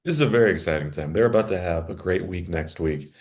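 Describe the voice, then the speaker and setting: A man's voice: deep voice, fast, darkish tone. A man co-hosting a comedy podcast, trading playful bits and laughing often as he talks. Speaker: podcast co-host. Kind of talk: casual comedic chat.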